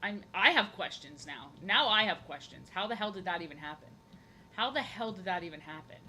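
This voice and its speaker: A woman's voice: fairly low pitch, lively intonation, a little fast, sharp tone, a little hiss or hum, poor audio. A young woman chatting casually and playfully while drawing on a live stream, rambling and repeating her phrases.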